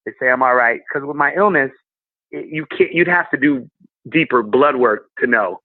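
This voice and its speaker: A man who is a guest comedian, telling candid personal stories in a casual, animated way. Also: mid-range voice, no echo. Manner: candid and animated, with quick laughs. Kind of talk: casual storytelling. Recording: tinny phone-like line.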